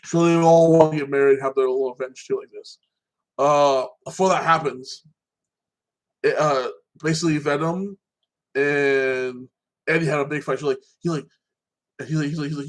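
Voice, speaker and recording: A man's voice: on the high side, fairly even intonation, moderate pace, low-quality recording. Rambling man recapping a movie. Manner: rambling, full of fillers and restarts, swears freely. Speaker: vlogger. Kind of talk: casual movie recap monologue.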